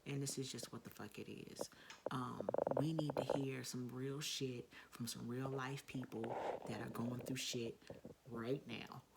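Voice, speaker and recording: A woman's voice: a bass voice, steady tone, measured pace, creaky, very noisy. A woman giving a blunt, heavily profane motivational pep talk in a casual vlog. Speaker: vlogger.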